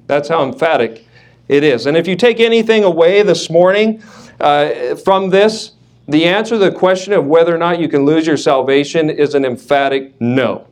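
A man's voice: a little high, darkish tone. Emphatic preacher man. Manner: emphatic, repeats words for stress, light joking asides. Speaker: pastor. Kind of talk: sermon.

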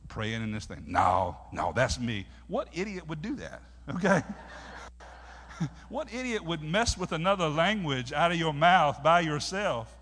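A man preaching a sermon in a church, telling folksy stories and working up the congregation. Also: medium pitch. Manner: folksy storytelling, preachy and animated. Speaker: pastor. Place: church sanctuary. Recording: long hall reverb.

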